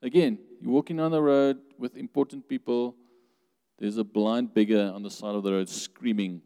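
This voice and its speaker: A man's voice: mid-range voice, steady tone, moderate pace, mellow, clean tone. A man preaching a sermon in a conversational way, asking the congregation questions and laughing now and then. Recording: long hall reverb.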